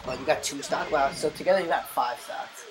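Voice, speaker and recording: A woman's voice: sits low, fairly quick, poor audio. A young woman streaming, chatting casually and bluntly over a match, swearing a lot and rambling. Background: music.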